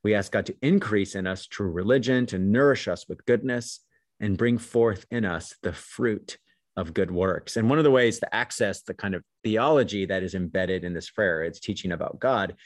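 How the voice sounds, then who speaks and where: A man's voice: on the low side, normal speed, no room sound, studio quality. A man co-hosting a podcast, chatting casually in a rambling way with lots of fillers, then reflecting on a prayer. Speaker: podcast co-host.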